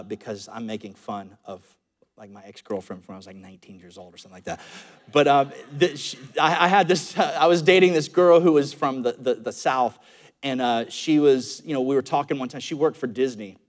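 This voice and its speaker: A male pastor delivering an animated sermon, telling humorous stories and calling the congregation to repeat lines after him. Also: medium pitch. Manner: tells stories with humor and chuckles.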